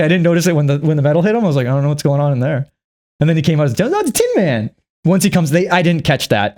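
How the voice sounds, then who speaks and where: Animated rambling profane guy. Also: a little high. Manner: rambling, profane, chuckling often. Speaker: vlogger. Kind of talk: rambling movie recap.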